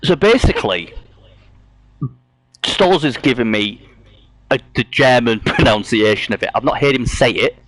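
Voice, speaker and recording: A man hosts a loose livestream chat in a casual, jokey manner. He swears freely and keeps breaking into giggles, his voice swinging widely in pitch while staying at a middling height. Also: expressive, normal speed, long pauses, fairly bright tone. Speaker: talk show host.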